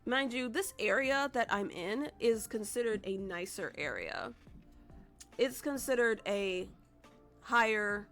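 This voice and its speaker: A woman's voice: medium pitch, fairly bright tone. A woman streamer casually telling a rambling, profane story to her live chat. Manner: chatty, profane, rambling with restarts.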